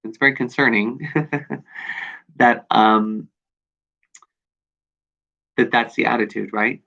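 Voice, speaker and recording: A man recording a personal video journal, talking in a reflective, halting way with many pauses and fillers. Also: medium pitch, steady tone, creaky, pushed and bright. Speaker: video diarist. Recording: dull lo-fi recording.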